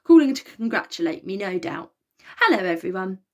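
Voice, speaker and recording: A woman's voice: mid-range voice, very animated, fairly quick, darkish tone, natural voice. A woman voicing a prim, fussy female zodiac constellation in a storybook reading, stammering when flustered.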